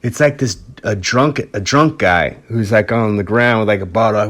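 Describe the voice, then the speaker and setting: A man hosting a podcast, telling a story in a relaxed, rambling way, swearing freely. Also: medium pitch, normal speed, few pauses. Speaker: podcast host.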